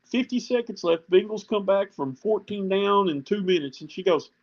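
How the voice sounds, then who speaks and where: Man, guest, higher voice, animated storyteller, muffled lo-fi audio. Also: a little fast, few pauses. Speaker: guest coach. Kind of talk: casual talk show chat.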